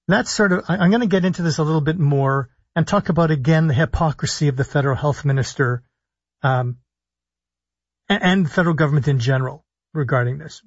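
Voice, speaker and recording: A man, a physician hosting a call-in radio health talk show, speaking deliberately and stressing his points as he lists things one by one. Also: on the high side, slightly rough, no echo. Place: radio studio. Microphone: studio broadcast mic. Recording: dull lo-fi radio sound.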